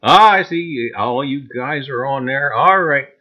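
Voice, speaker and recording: A man's voice: medium pitch, lively intonation, a little slow. A man with a New Jersey accent hosting a live stream, greeting chat viewers by name with lots of "uh"s. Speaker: livestream host. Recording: dull lo-fi stream audio.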